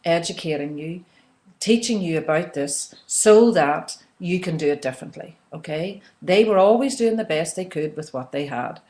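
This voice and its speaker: A woman coaching listeners through an emotional tapping exercise, often checking in with "okay?" and leading them in slow breathing and softly repeated release phrases. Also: sits low. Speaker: self-help coach. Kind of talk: guided instructional talk on emotional tapping.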